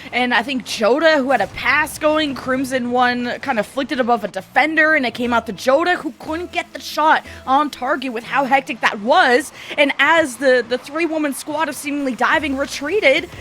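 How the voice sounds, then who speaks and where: A woman with a high, light voice providing color commentary for a live esports match. She breaks down each play analytically and laughs easily with her co-caster. A faint hiss runs underneath. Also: moderate pace, hardly any pauses, a bit bright.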